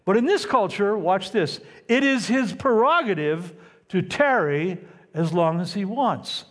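A man preaching a sermon, teaching in a lively, conversational way with asides to his listeners. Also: high-pitched. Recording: long hall reverb.

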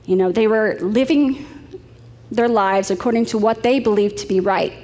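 Middle-aged woman, sermon, chatty storytelling, medium pitch, long church-hall reverb. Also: moderate pace, a little mellow. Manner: storytelling, chatty with light laughs. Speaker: preacher.

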